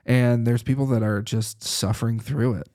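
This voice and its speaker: A man's voice: mid-range voice, normal speed. Male chiropractor guest, mid-range voice, chatty storyteller who laughs a lot. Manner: lively anecdotal storytelling with frequent laughs. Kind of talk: casual podcast conversation.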